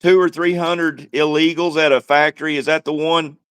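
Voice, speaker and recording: A man's voice: fairly high pitch, flat delivery, normal speed, fairly bright tone, smooth, no room sound. A man co-hosting a casual livestream chat, talking in a laid-back, wry drawl. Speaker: livestream co-host.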